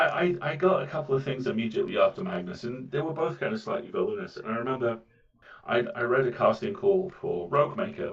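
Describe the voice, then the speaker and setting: A man with a British accent and a soft, mellifluous voice chats casually as an interview guest, often repeating words as he goes. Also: lowish voice. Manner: rambling, with frequent repeats of words. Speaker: voice actor guest. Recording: muffled, distant mic.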